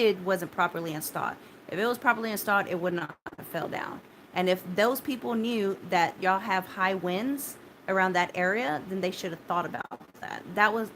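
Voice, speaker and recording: A woman telling viewers about a frightening experience in a halting, repetitive way, with many restarts and blunt swearing. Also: mid-range voice, a bit bright, a little hiss or hum. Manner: shaken but steadying, talking straight to viewers. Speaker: vlogger recounting a personal ordeal. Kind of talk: casual spoken personal story.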